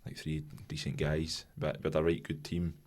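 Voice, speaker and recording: Scottish ex-goalie, very deep voice, easygoing storyteller, swears, laughs a lot. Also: male voice, monotone, normal speed, darkish tone. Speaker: podcast guest, former goalkeeper. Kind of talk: casual chat.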